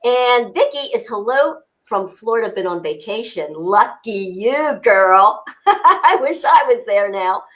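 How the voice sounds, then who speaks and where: A woman's voice: fairly high pitch, very animated, unhurried. A woman co-hosting a casual fitness livestream, upbeat and greeting viewers by name.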